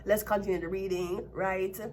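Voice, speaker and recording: A woman's voice: mid-range voice, little pitch movement, normal speed, a little mellow, a little hiss or hum. A woman from Jamaica with a Jamaican accent giving a tarot reading, breaking into a blunt, profane rant. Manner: heated ranting, blunt and profane. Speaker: tarot reader. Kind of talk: casual tarot reading vlog.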